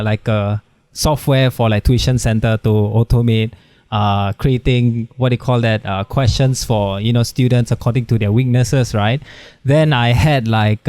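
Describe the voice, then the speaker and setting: A man's voice: mid-range voice, a little mellow, smooth, no echo. A young man, a podcast guest talking in a rambling, casual way full of "like" and "right", recorded over a video call. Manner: rambling, many "like" and "right" fillers. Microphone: video call over the internet.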